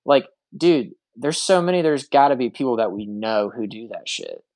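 Animated, laughing man in casual chat. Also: medium pitch, normal speed, dry recording.

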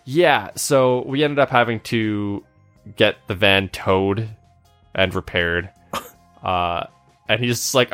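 A man's voice: on the low side, takes it slowly, long pauses, a bit bright, clear, resonant tone, soft background music. A man co-hosting a podcast, telling a story in casual chat, often breaking into laughter and restarting his sentences. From Canada. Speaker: podcast co-host.

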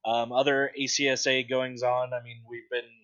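A man's voice: mid-range voice, level tone, normal speed, a bit bright, lo-fi sound. A young man chatting casually on a podcast, blunt and profane, rambling with lots of fillers. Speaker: podcast co-host, distillery industry board representative.

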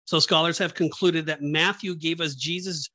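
Easygoing guy on a faith podcast, slightly high voice, explaining scripture, dry mic. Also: steady tone, moderate pace, pushed and bright, no room sound. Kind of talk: casual chat.

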